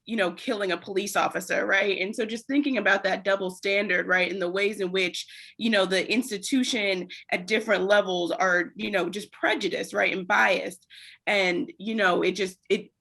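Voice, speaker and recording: A woman's voice: medium pitch, fairly even intonation, normal speed, gravelly, bright, forceful tone. A woman hosting an interview, asking long, thoughtful questions full of fillers and hedges. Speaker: podcast host. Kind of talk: casual conversational interview.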